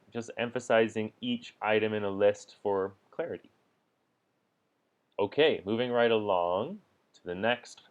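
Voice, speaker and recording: A man teaching language points in a relaxed way, chuckling now and then between examples. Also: fairly low pitch, highs cut off.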